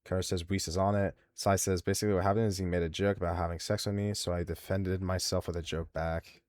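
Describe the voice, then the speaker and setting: Crude, mocking low-voiced male streamer. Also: flat delivery, quick pace, darkish tone, no room sound. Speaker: streamer host reading viewer responses. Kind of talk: casual live-stream commentary.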